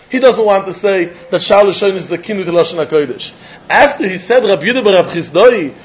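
High-voiced man giving a Talmud lecture. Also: muffled recording. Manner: lively, questioning, mixes English with Yiddish and Hebrew terms. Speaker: Talmud teacher.

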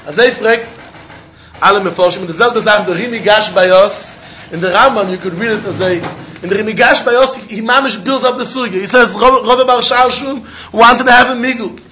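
High-voiced man giving a lively Talmud lecture. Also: a little hiss or hum, poor audio. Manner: animated, sing-song reasoning with quick laughs. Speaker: Talmud teacher.

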